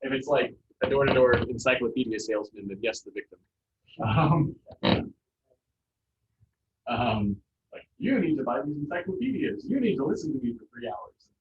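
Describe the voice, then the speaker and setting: A man teaching a Spanish class, relaxed and jokey, with many fillers. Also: mid-range voice, moderate pace, slight background noise. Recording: roomy, distant, muffled classroom sound.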